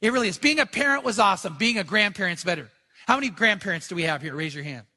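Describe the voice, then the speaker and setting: An older man preaches in a church sanctuary, his voice pitched high and ringing bright. He is fervent and emphatic, driving points home by repeating them to the congregation. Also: expressive, quick pace, slightly rough. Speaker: pastor. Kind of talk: sermon.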